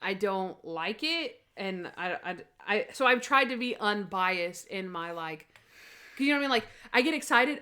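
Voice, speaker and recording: A young woman co-hosting a podcast in casual chat, animated and acting out scenes in quoted voices. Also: medium pitch, moderate pace. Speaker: podcast co-host.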